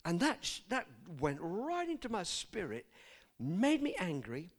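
A somewhat high-voiced man preaching his own testimony from the pulpit. His pitch rises and falls a great deal as he talks earnestly and directly to the congregation. He often stops to question them and trips over his words when he is moved. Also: wildly swooping pitch, a little slow. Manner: earnest, speaks straight to the congregation with asides and questions. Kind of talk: personal testimony in a sermon.

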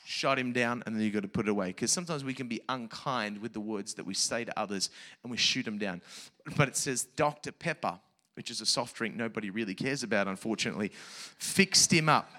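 Speaking fast in a fairly low, pushed, bright voice, a man runs a children's church service from the stage. He addresses the kids with playful, energetic enthusiasm.

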